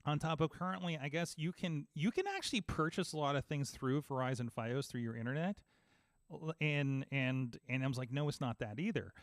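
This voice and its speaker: A man in casual podcast chat, telling an animated story and acting out both sides of phone calls. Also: a little high, fairly quick, dry recording. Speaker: podcast host.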